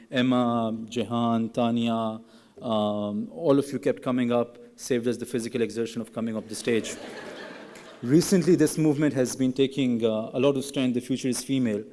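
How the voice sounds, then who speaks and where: A man's voice: mid-range voice, darkish tone. Young man speaking in a reverberant hall. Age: young adult. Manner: earnest, then playfully teasing classmates. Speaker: graduating student speaker. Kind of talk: humorous ceremony speech. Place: large hall at an awards ceremony.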